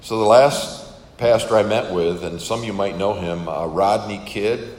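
A man's voice: fairly low pitch, measured pace, darkish tone, reverberant, in a large hall. An older man who is a missionary, casually telling a story to an audience and acting out the dialogue. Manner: casual, chatty, acts out quoted dialogue.

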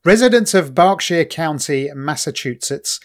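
A man's voice: a little high, animated, moderate pace. A man co-hosting a podcast in casual chat, chatty and stumbling over words, laughing often. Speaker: podcast co-host.

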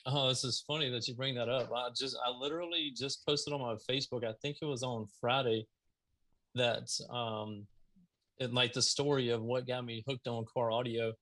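A man from Mississippi in his thirties with a Southern accent, a guest on a video call, telling a story in a casual, animated way. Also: medium pitch, normal speed. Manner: animated storyteller, acts out his own past lines. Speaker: guest, car audio business owner.

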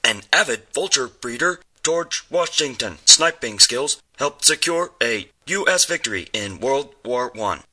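A man voicing an automated phone system that speaks flatly and mechanically. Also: medium pitch, a little slow, few pauses, husky, exaggerated voice. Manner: flat, robotic. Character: glitchy automated phone voice, male.

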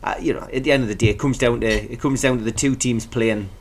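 A man co-hosting a casual football chat show, speaking in a measured, hesitant way with many restarts. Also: mid-range voice, fairly even intonation. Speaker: co-host.

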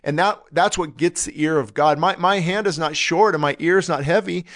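A man preaching a sermon, his voice sitting a little high for a man. He talks in an earnest, urgent manner, driving his points home with repeated pleas. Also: moderate pace, fairly bright tone. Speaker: pastor.

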